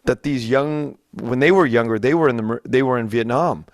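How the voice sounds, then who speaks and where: A man hosting an interview, framing his questions in halting starts and restarts. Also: mid-range voice. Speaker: podcast host. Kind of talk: conversational interview.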